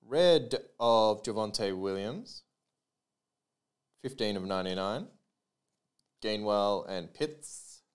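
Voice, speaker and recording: A man's voice: fairly low pitch, expressive, slow, long pauses, smooth. A man hosting a live trading card break, calling out player names and serial numbers with chatty asides to his viewers.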